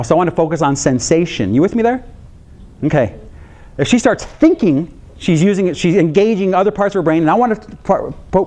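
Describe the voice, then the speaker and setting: A middle-aged man, a psychologist, telling a story in a talk to counselors and acting out his daughter's reactions. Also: a little high. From United States. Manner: animated, acts out his daughter's reactions with laughs and gasps.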